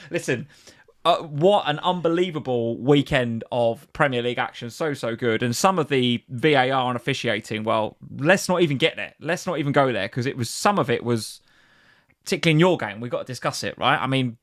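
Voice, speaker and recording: A man co-hosting a fantasy football podcast, chatting casually and excitably. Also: medium pitch, fairly quick. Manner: chatty and excitable, slips into animated impressions. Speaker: podcast co-host.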